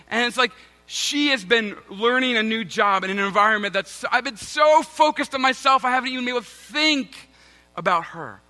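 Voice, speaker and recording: A man's voice: very high voice, normal speed, pushed and bright. A man in his thirties, a pastor, giving a sermon with a self-mocking personal story and chatty asides to the congregation. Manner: self-mocking, conversational, addresses congregation as guys.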